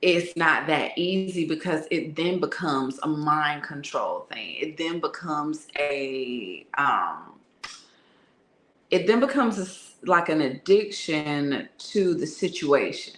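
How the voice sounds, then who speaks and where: A woman's voice: deep voice, lively intonation, slow pace, fairly bright tone. A woman telling a candid personal story in a frank, slangy, conversational way that is broken up with laughter. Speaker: tarot reader and channel host. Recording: echoey room.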